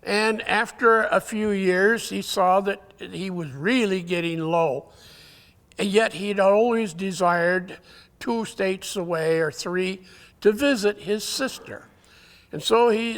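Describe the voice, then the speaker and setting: Halting folksy man, gravelly high voice. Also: a bit bright. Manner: folksy, halting storyteller with many uhs. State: weakened voice, clearing throat. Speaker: conference speaker. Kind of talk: telling jokes in a talk. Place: conference hall. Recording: long hall reverb.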